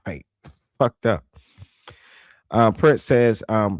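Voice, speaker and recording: Lowish voiced dude reacting live, swears a lot, stumbles over words, dry close mic. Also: male voice, very slow, long pauses, dry recording. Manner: animated, swears, restarts, reads viewer comments aloud. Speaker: commentator reacting to a news clip. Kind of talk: casual live reaction commentary.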